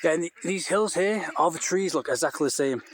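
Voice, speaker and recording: Rambling, chatty man on a farm. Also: a little fast. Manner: rambling, chatty, with many restarts and fillers; talks to the animals in a higher, coaxing voice. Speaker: vlogger keeping poultry on a farm. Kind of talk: casual walk-and-talk vlog. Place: outdoors in a farmyard by a duck shed.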